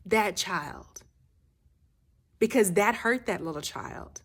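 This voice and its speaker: A woman life coach giving a motivational speech, repeating her phrases for emphasis and often dropping to a soft, low near-whisper. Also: expressive, slow pace, husky.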